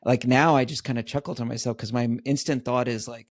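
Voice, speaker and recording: A man's voice: medium pitch, fairly even intonation, quick pace, no echo, clean studio sound. A man who is a guest on a podcast, telling self-deprecating stories in a casual way and chuckling at himself.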